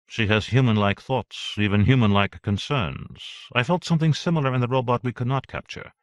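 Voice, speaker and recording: A man voicing an uneasy, perceptive woman official in an audiobook, in a measured, muttering tone. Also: mid-range voice, dry recording, studio quality, voice pushed up, natural voice. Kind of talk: audiobook character voice.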